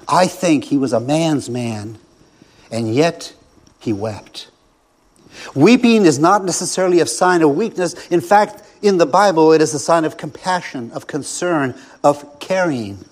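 Emphatic preacher with a higher male voice. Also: darkish tone. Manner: rhetorical repetition with slow, emphatic pauses. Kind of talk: sermon.

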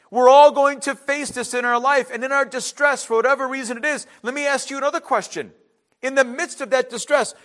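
A man preaching a sermon in a conversational way, asking the listeners questions and repeating words, swinging between loud emphasis and quiet asides. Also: sits high. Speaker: pastor.

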